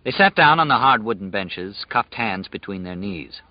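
A man reading an audiobook as narrator in a measured, even storytelling manner. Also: on the low side, dry recording, highs cut off. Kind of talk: scripted narration.

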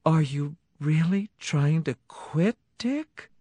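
A man voicing a wife in a high, surprised voice. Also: lively intonation, takes it slowly, dark tone, no room sound. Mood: hopeful surprise. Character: wife, woman, cheerful then hopeful.

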